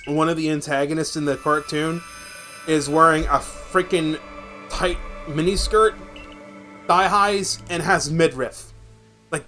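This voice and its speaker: A man's voice: a little high, pushed and bright. A man in his twenties chatting casually on a game stream, ranting in a rambling, profane way. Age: 20s. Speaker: VTuber streamer.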